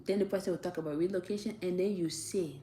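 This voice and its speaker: A woman talking casually to viewers, giving direct, animated advice and laughing often. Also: lowish voice, fast, slight background noise. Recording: roomy echo, faint ambience.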